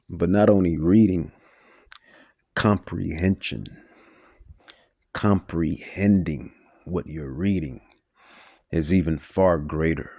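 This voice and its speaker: Gravelly, very low-voiced male preacher. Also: warm tone, dry recording, clean studio sound. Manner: emphatic, repetitive, stumbling restarts. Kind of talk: Bible teaching sermon.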